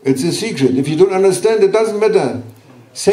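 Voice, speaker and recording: A man giving a sermon at a religious gathering, speaking gently and teasingly in broken English to reassure his listeners. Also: high-pitched, expressive, normal speed, hardly any pauses. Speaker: sheikh giving a religious talk. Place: large hall at a gathering. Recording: roomy hall, voice from far off.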